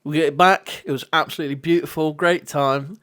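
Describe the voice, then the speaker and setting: A young man, co-hosting a casual podcast and telling stories in an animated way, swearing freely as he goes. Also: a little high, fairly quick, clean tone. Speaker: podcast co-host. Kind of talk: casual chat.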